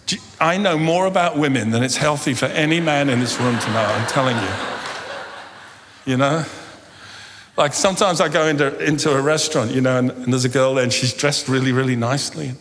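A middle-aged preacher delivers a humorous sermon with animated storytelling, acting out small scenes of dialogue for laughs. His ordinary-pitched voice is a little fast, with a long hall reverb and slight background noise.

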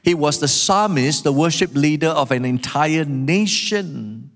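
A man's voice: a little high, unhurried. Man preaching in a reverberant hall. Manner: animated preaching, acts out quotes. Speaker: pastor. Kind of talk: sermon.

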